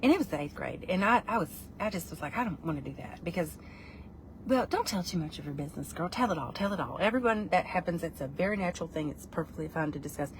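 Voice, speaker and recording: A woman's voice: on the low side, expressive, fast talker, a little hiss or hum. A middle-aged woman, chatting in a playful, rambling vlog while reviewing food. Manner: playful, rambling, breaks into put-on voices.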